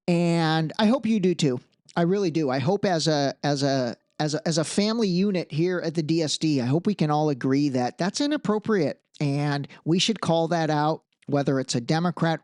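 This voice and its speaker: A man hosting a podcast, giving casual solo commentary in an animated, emphatic way with frequent asides. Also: a little high, dry recording, clean studio sound. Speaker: podcast host.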